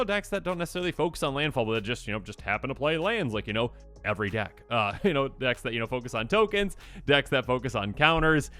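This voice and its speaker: Lively, bright-voiced man reviewing cards. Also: mid-range voice. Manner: enthusiastic, chatty, lots of fillers. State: slightly hoarse voice. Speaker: channel host. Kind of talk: casual card review commentary.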